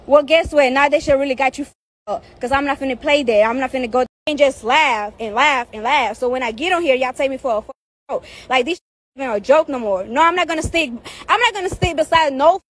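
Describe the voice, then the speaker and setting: High-voiced woman in a profane, heated rant. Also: fast talker. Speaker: social media personality. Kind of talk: angry rant to followers. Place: outdoors.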